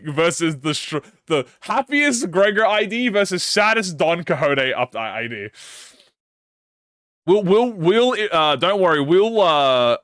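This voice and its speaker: A man hosting a casual gaming reaction, excitable and slangy, swearing and laughing often. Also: on the high side, smooth, dry recording, clean studio sound. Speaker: gaming channel host.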